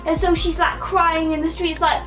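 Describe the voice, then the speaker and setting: A woman's voice: extremely high pitch, flat delivery, normal speed, a bit bright, faint music behind. A woman, giving a rambling, crude, irreverent comic recap of a film. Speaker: comedic film reviewer.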